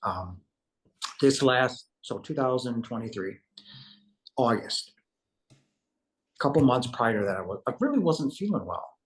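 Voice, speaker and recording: A man at an average pitch shares a personal story as an interview guest. He speaks casually and earnestly. He brings remembered conversations to life with animated delivery. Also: unhurried, long pauses. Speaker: interview guest recounting a near-death experience.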